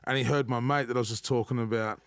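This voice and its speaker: A man's voice: medium pitch, steady tone, fast, a bit bright, dry recording. A man from Australia with an Australian accent, a rapper talking as a guest on a podcast, swearing freely and often tagging "you know what I mean". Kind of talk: casual podcast chat.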